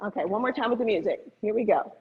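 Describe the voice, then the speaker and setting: A female dance instructor leads an online hip hop class from a room, upbeat and counting the beats aloud in a mid-range voice at a fast pace. The recording is echoey, dull and lo-fi, with faint noise.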